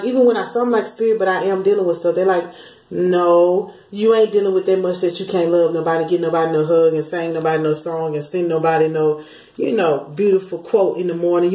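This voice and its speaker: A woman's voice: lowish voice, fairly even intonation, a little fast, dark tone, echoey room, poor audio. A woman, chatting casually as she passes on spiritual channeled messages, often slipping into quoted voices. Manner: chatty, laughs often, slips into sung lines and quoted voices.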